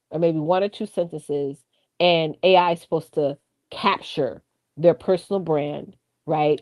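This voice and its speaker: A woman co-hosting a live stream, coaching viewers in a chatty, animated way, laughing often and talking straight to the chat. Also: on the low side. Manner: drifts off track, repeats key points for emphasis. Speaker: live-stream co-host on branding and AI.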